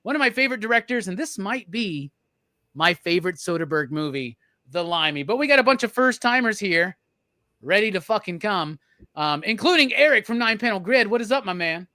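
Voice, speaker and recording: Brash profane male host, bright voice. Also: sits high, expressive, brisk, no room sound, studio quality. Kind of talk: casual movie review chat.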